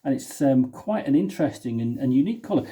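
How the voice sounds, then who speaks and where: A man's voice: mid-range voice, animated, quick pace, warm tone. A man from the United Kingdom talking casually to camera, thinking aloud with many restarts. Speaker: singer and video host. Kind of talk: casual spoken vlog talk. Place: indoor room.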